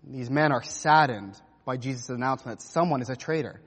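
A man's voice: medium pitch, brisk, husky, in a large hall. A man preaching a sermon, telling the story vividly and acting out the quotes. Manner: animated storytelling, acts out quotes. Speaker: pastor.

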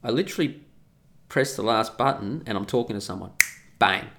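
A man's voice: on the low side, a little fast, noisy background. A man in an opinionated, casual ranting monologue who swears freely.

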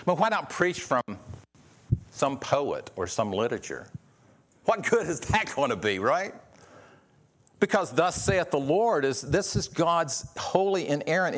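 A man preaching a sermon as pastor, earnest, asking rhetorical questions and often restarting his sentences. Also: a little high.

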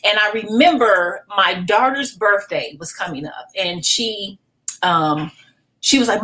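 A middle-aged woman pastor, a podcast guest, telling a personal testimony in an animated, emotional way, often restarting her sentences. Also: mid-range voice, normal speed, poor audio.

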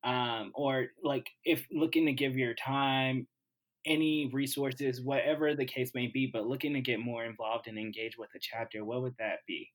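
A man's voice: mid-range voice, steady tone, normal speed. A man hosting a podcast, asking questions in a rambling, hesitant way with many fillers. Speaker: podcast host. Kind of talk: casual interview talk.

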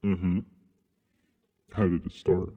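A podcast co-host from Southern Indiana, a man doing a put-on accent, teasing and bantering crudely and shouting across the room now and then. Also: low voice, flat delivery, slow. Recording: dull lo-fi sound with long reverb.

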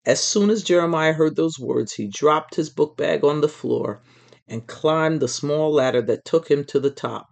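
A storyteller reading a children's book aloud in an expressive, measured way. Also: mid-range voice, creaky.

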